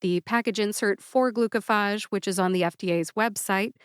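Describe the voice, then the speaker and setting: A woman hosting a pharmacist's podcast, speaking deliberately and spelling out syllables in a scripted educational style. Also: mid-range voice, steady tone, smooth, dry recording, clean studio sound. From United States.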